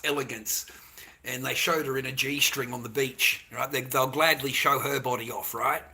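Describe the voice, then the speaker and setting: Ranting, swearing man, bright voice. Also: fairly high pitch. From Australia. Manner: rambling, swears often, keeps asking "right?" and "mate". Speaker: vlogger. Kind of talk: profane ranting monologue.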